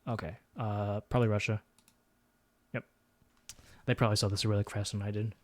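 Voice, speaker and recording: A man's voice: lowish voice, little pitch movement, fairly quick, no room sound. A man streaming a geography guessing game, thinking aloud and muttering his guesses with self-deprecating asides. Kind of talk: casual gameplay commentary.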